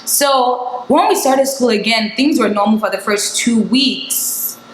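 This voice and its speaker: A woman's voice: on the high side, a little slow, echoey room, a little hiss or hum, poor audio. A young woman from Nigeria telling a candid storytime to her vlog viewers, chatty and full of fillers. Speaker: vlogger. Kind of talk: casual storytime chat.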